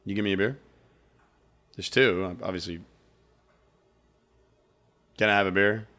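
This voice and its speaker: A young man from Virginia co-hosts a casual podcast chat in a bright, forward voice. He rambles loosely, full of fillers and easy laughter. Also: low voice, unhurried. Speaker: podcast co-host.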